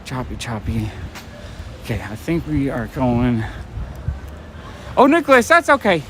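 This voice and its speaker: A New man with a fairly high voice rambles casually as he walks and streams from his phone. He sounds a little short of breath at times. Faint street traffic hums behind him outdoors. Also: huge pitch swings, measured pace. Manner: rambling, talks while walking, out of breath at times. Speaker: comic shop owner vlogger. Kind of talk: casual live-stream walk and talk. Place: outdoors on a rainy city street at night.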